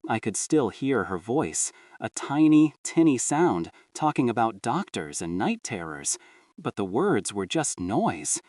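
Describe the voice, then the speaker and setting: A man narrating a horror story in a dramatic, expressive way. His mid-pitched voice rises and falls with lively swings. The recording is dry, with the mic set a little back. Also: a little slow, no echo, distant mic.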